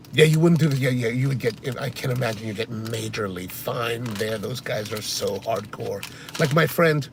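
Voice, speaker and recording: A man's voice: mid-range voice, creaky. A man chatting casually while driving, answering viewer comments and rambling through stories. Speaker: coffee vlogger. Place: inside a car on the highway. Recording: car interior with faint road noise.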